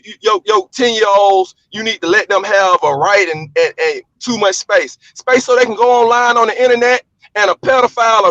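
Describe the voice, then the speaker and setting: A man rants bluntly and profanely as a live-stream guest. His voice sits very high and sounds sharp and bright. The audio is dry and a little muffled. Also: no room sound. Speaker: panel guest. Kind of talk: heated live-stream commentary.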